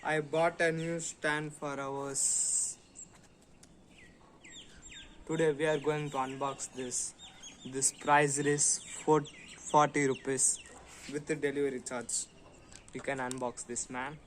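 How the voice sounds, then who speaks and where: A man with an Indian English accent, chatting slowly through an unboxing vlog, humming and making sound effects as he goes. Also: on the high side, level tone, a bit bright, slight background noise, low-quality recording. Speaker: vlogger.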